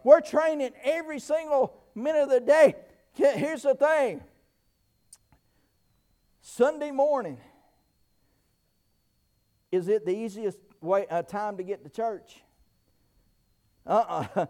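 A middle-aged preacher man with a very high voice. He preaches with bursts of shouting and many amens, stumbling over restarts. He pauses often, short of breath. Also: lively intonation. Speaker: pastor. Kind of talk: sermon.

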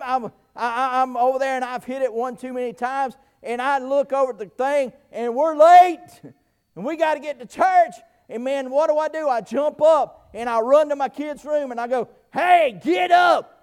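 A middle-aged man preaching a sermon, full of amens, stammered restarts and sudden shouts, pausing short of breath. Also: very high-pitched, clean tone. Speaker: pastor.

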